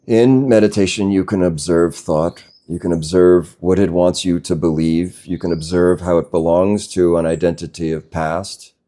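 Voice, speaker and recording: A man with a low, deep voice talks as a spiritual teacher at a gathering. His tone is mellow and warm, and he speaks slowly and gently, pausing often and laughing softly. Birdsong can be heard faintly behind him. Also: steady tone. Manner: slow, gentle, reflective, with soft laughs. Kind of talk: satsang talk.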